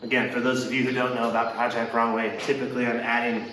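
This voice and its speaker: A man hosting a car restoration vlog walks through his build with wry, self-deprecating jokes in a casual, joking way. His mid-range voice is flat, quick and a bit bright. The mic sits at a distance in an echoey workshop with faint ambience and a little hiss or hum.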